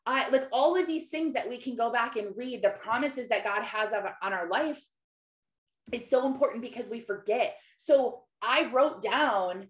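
A woman's voice: on the high side, expressive, normal speed. A woman in her thirties chatting casually about faith and family, rambling and filling her talk with "like". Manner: chatty, rambling, lots of "like" fillers. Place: home office. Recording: roomy echo.

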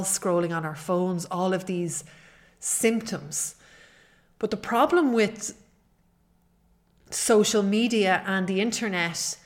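A woman hosting a solo podcast, talking earnestly and personally in a coaching tone. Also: mid-range voice. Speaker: podcast host.

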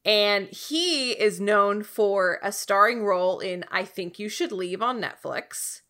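A woman's voice: medium pitch, slow. A woman co-hosting a podcast, chatting casually about a TV show with lots of fillers. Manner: chatty, animated storytelling with many fillers. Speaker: podcast co-host. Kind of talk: casual chat recapping a TV show.

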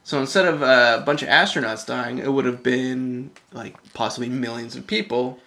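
A man's voice: mid-range voice, fairly even intonation, moderate pace, creaky, sharp tone. A man, rambling loosely and swearing casually in a casual podcast chat.

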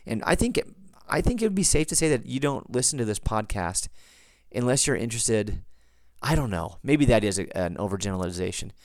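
A man's voice: mid-range voice, sing-song, brisk, no echo. A man hosting a podcast, explaining things in a chatty, digressive, teacherly way. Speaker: podcast host. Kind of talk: casual explanatory podcast talk.

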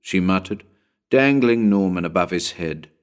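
Deep-voiced man narrating suspensefully. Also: lively intonation, moderate pace, smooth. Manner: dramatic, suspenseful storytelling. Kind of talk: scripted audiobook narration.

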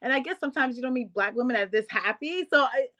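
A woman's voice: sits high, fast, a bit bright, lo-fi sound. A young adult woman hosting a podcast interview, cheerful and upbeat, laughing easily. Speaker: podcast host.

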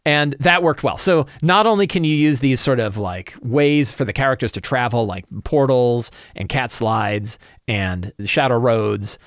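A man hosting a podcast, talking casually and loosely about running a tabletop campaign, with frequent quick asides. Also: medium pitch, no echo, clean studio sound. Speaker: podcast host and game master.

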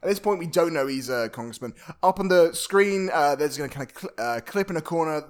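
Man podcast co-host, rambling comic film recap, slightly higher voice. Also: expressive, a little fast, clean tone. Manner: joking, rambling, often laughing. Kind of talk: casual film recap chat.

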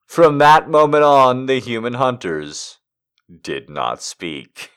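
A man's voice: medium pitch, very animated, slow pace, fairly bright tone, clean tone. A man reading erotic poems aloud for comedy, breaking off to laugh and make incredulous asides. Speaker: comedic reader.

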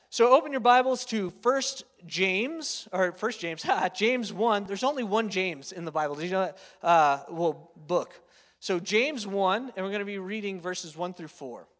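Preacher in his thirties, high voice, casual storytelling sermon, long hall reverb. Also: fairly bright tone. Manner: chatty, storytelling, lots of filler words and tag questions.

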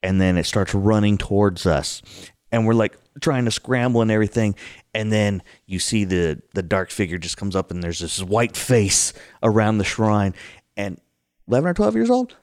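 Deep-voiced man telling a spooky tale. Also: normal speed, dry recording. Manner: animated, acts out the scares with sudden high outbursts. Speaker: guest telling a story. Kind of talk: casual storytelling. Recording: dry close sound.

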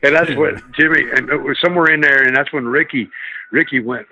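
A man's voice: medium pitch, steady tone, fast talker, gravelly. A man, a guest telling rambling stories in a casual interview, circling back on himself. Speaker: guest, former wrestler. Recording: tinny phone line.

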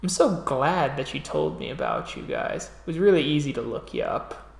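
Game master playing a smooth suited villain. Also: male voice, a little high, moderate pace, roomy sound, heavily acted. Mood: calm menace. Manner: calm, businesslike menace. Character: smooth menacing male villain in a suit.

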